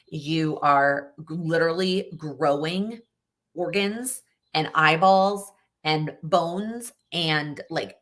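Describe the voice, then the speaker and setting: Low-voiced, bright-toned woman host. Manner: chatty, encouraging, restarts often. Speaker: host answering viewer questions. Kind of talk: live Q&A, casual advice.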